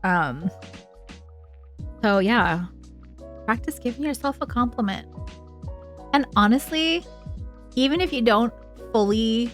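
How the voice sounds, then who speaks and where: A woman's voice: fairly high pitch, animated, slow pace, pauses often, faint music behind. A woman live streamer chatting casually with her viewers, frank and chatty, swearing freely and using lots of filler words.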